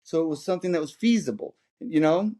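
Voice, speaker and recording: A man's voice: fairly high pitch, fast, dark tone. Joking man guest on a podcast. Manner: joking, playful. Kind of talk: casual chat.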